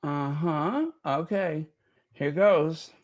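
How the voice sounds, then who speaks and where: This royal gossip channel host has a fairly high voice and draws out his words, recorded dry. He talks casually, mumbling to himself as he hunts for something and stumbling over words.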